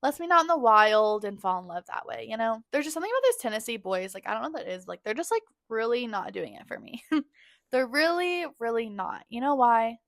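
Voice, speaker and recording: Her voice sitting fairly high, quick and touched with vocal fry, a twenty-something podcast host spins animated, dramatic dating stories, candid and profane and full of "like." It's a casual storytelling monologue, recorded cleanly in a studio without any room sound.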